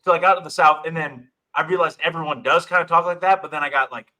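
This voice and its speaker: Bright-voiced joking man from Michigan. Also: on the high side, fairly even intonation, fast talker, poor audio. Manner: joking, profane, laid-back. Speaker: podcast co-host. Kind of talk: casual sports chat.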